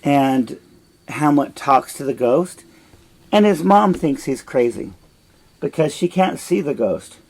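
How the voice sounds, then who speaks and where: A man's voice: a little high, expressive, slow pace, a little mellow, low-quality recording. A man teaching a play line by line, retelling it in blunt, frank plain words.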